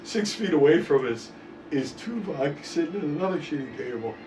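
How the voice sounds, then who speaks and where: Fairly high-voiced guy telling a story on a stream, swears a lot, sounds far from the mic in an echoey room. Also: moderate pace. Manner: profane, animated storyteller. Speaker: stream co-host. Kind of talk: casual storytelling chat. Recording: echoey room, distant mic, faint noise.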